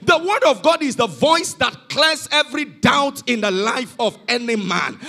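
A man's voice: very high voice, expressive, moderate pace, hardly any pauses, bright, forceful tone. A man preaching a sermon to a youth conference, emphatic and repeating his calls to the congregation. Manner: emphatic, repeats "you are not hearing me". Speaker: pastor. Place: church hall.

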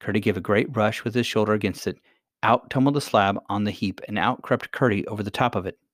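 A man calmly reading a children's story aloud as narrator. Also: fairly low pitch, quick pace, dry recording, studio quality.

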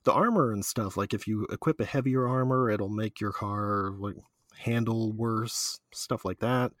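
A man's voice: fairly low pitch, measured pace, a bit bright, no echo, clean studio sound. A man chatting casually about a video game, rambling with lots of fillers and frequent laughs. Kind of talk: casual chat.

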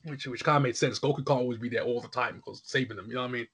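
A man's voice: mid-range voice, racing, slightly rough. A man chatting casually and rambling animatedly, often checking in with his listener. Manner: rambling, animated, frequent "you know what I'm saying". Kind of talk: casual chat.

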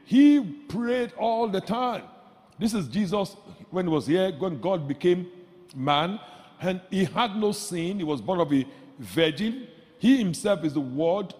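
A man preaching a sermon as pastor, emphatic, repeating phrases and rising to shouts. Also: sits high, big-room sound.

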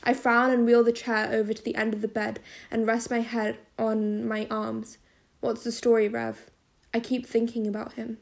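Woman reading a novel aloud, first person, kinda high voice, pretty flat and steady. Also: moderate pace, gravelly, hardly any pauses. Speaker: audiobook narrator.

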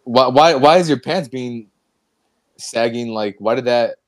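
A man's voice: medium pitch, unhurried. Man chiming in with jokes. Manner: joking interjections. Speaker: podcast co-host. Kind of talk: casual chat.

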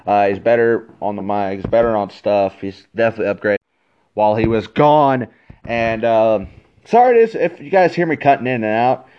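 Man ranting excitedly into his phone. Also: fairly low pitch, normal speed, smooth. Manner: excitable, frustrated, full of fillers and restarts. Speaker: wrestling fan commentator. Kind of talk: casual opinion rant. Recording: dull lo-fi phone recording.

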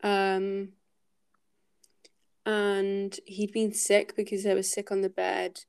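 A woman's voice: mid-range voice, completely flat delivery, takes it slowly, gravelly, darkish tone, clean tone. A woman hosting a casual book-club podcast, thinking aloud and hesitating with many fillers as she talks through a chapter.

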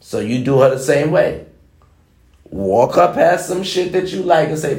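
A man's voice: a little high, animated, a little slow, darkish tone, reverberant. A man giving a blunt, emphatic motivational monologue, lecturing his listeners and repeating his points for emphasis. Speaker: motivational vlogger. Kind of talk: preachy monologue to the camera.

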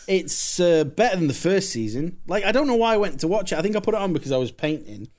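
Animated, sweary British man. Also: sits high, quick pace. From England. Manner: blunt, sweary ranting. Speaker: podcast co-host. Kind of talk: casual chat.

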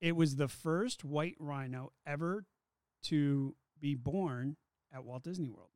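A man's voice: a little high, slow pace, darkish tone, no echo, clean studio sound. A man hosting a casual show, joking with his co-hosts and moving the talk along between segments. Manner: upbeat, joking, runs the segments. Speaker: podcast host. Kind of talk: casual chat.

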